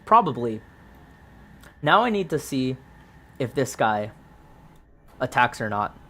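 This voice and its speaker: A man's voice: mid-range voice, big pitch swings, takes it slowly, fairly bright tone. A man casually narrating a solo tabletop game, thinking aloud through dice rolls with plenty of ums.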